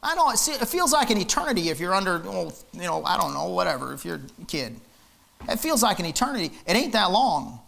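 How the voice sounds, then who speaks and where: A man's voice: sits high, very animated, fast, creaky, a bit bright. A man preaching a fiery, emphatic sermon in church, hammering his points with repetition. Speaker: pastor.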